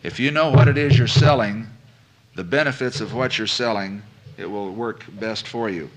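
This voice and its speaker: A man's voice: fairly low pitch, normal speed. Guy teaching a business seminar, chatty and folksy, keeps quizzing the room and repeating himself. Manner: conversational, asks the audience questions, repeats phrases for emphasis; folksy, addresses listeners as folks. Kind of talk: live lecture to an audience.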